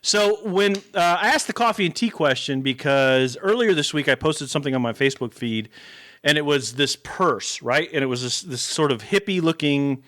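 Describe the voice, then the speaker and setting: A man's voice: a little high, expressive, moderate pace, a bit bright, dry recording. A man co-hosting a casual podcast, chatting and greeting viewers by name. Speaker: podcast co-host. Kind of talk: casual chat.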